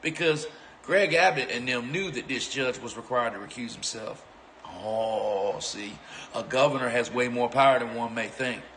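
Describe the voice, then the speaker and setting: A man of middle pitch, cursing and indignant as he gives angry commentary. A faint hiss of noise sits under his voice. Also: moderate pace, a bit bright, rough recording. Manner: profane, indignant.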